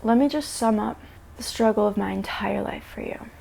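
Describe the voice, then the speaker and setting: A woman vlogging a confessional self-talk monologue to camera, halting and searching for words with many restarts. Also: mid-range voice, creaky, a little mellow, a little hiss or hum. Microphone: camera mic.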